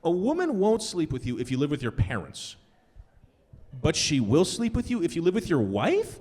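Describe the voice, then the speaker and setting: Young guy doing standup in a club, voice jumps all over, long echo tail. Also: normal speed. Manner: animated, jumps into high-pitched punchlines. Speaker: stand-up comedian. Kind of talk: stand-up set. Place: comedy club stage. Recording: live club with long reverb.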